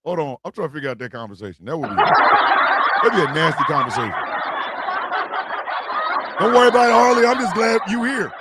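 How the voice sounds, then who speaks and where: A man hosting a podcast, loudly joking and bursting into song and laughter. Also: high-pitched, big pitch swings, brisk, pauses often, very noisy. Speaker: podcast host. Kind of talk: rowdy comedic podcast banter.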